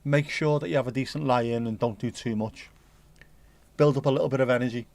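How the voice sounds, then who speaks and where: This is a man hosting a relaxed livestream, wandering from one aside to the next with slang and the odd swear word. His voice sits in an ordinary middle pitch. The sound is dry and close, with no room echo. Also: a little fast, vocal fry. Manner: rambling, jokey and sweary, full of British slang. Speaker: livestream host. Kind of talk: casual livestream chat, reading out viewer messages.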